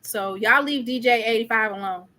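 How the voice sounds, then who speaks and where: A woman's voice: fairly high pitch, moderate pace, pushed and bright. A woman hosting a casual live-stream show, chatting loosely and talking straight to her viewers in the chat. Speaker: show host.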